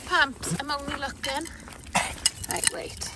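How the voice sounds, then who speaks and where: Out walking her dogs, a woman with a high, animated voice takes her time as she chats to her handheld phone camera. She rambles with lots of fillers and breaks off to talk to the dogs, and the outdoor phone video carries clear background noise.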